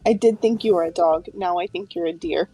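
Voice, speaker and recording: A woman with a husky, creaky voice, chatting as a player in a tabletop game. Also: fairly low pitch, brisk, mellow, faint music behind, rough recording. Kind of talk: casual tabletop chat.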